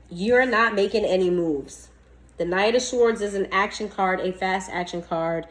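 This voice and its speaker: Reading tarot for the camera, this woman is blunt and chatty, scolds, and laughs a lot, all in a casual way. She speaks unhurriedly in a mid-range voice. Audio quality is poor.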